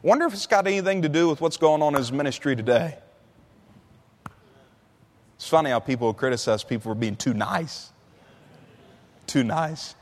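A man preaching a sermon in a conversational way, slowing down and stretching the key words for emphasis. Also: a little high, lively intonation. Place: large church hall. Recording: long hall reverb.

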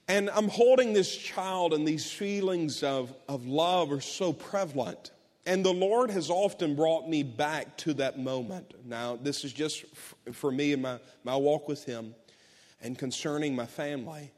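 A man's voice: on the high side, unhurried, a little mellow. A middle-aged man preaching a sermon, telling a personal story in an earnest way with many restarts. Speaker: pastor. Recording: long hall reverb.

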